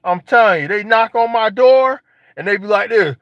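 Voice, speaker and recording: A young man casually joking and riffing to his viewers in a vlog, slangy and animated. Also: sits high, normal speed, no echo. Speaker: vlogger. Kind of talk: casual monologue to camera. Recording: dull lo-fi sound.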